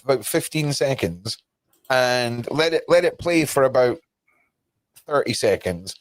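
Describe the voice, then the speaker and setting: A man's voice: mid-range voice, lively intonation, unhurried. A man co-hosting a podcast, chatting casually with hesitant, filler-heavy questions. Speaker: podcast co-host.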